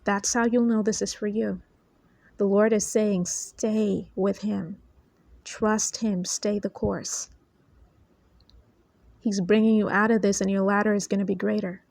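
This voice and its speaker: A woman delivering a prophetic word to her online followers in an earnest, measured preaching manner, speaking from a noisy spot. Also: mid-range voice, dry recording. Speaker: prophetic minister.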